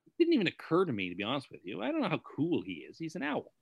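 A man's voice: fairly high pitch, wildly swooping pitch, rapid-fire, creaky, slightly rough, no echo. A man co-hosting a casual chat, hedging a lot with "like" and "sort of". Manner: hesitant, lots of "like" and "sort of". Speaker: co-host.

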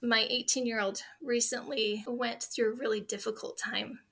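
A woman in her forties speaks as an interview guest, sharing stories in an earnest, heartfelt way. Her voice sits a little high with a very bright, clear tone. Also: steady tone, normal speed. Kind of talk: conversational interview.

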